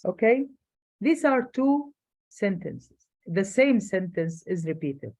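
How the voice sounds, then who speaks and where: A woman with an Egyptian accent teaching an English class online, explaining rapidly in Arabic and slowing down for careful English. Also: mid-range voice, very animated, darkish tone, low-quality recording. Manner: switches fast between Arabic and slow careful English.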